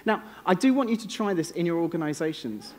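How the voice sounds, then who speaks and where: A man's voice: on the high side, animated, quick pace. An English man giving a keynote talk on a conference stage, telling wry, self-deprecating stories. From England. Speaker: conference speaker. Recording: long reverb of a large hall.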